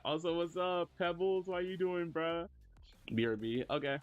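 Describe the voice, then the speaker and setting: A young man streaming live, reading chat aloud in a laid-back, slangy way, saying he is low on energy. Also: normal speed, clear, resonant tone, dull audio. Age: young adult. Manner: laid-back slangy talk, jumps high when teasing chat. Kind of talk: casual livestream chat reading messages.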